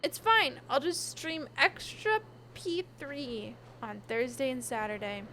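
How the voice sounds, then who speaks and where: Young woman game streamer, high voice, tired and chatty, giggles a lot. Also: takes it slowly, bright, forceful tone, slight background noise. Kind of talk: casual live-stream chat.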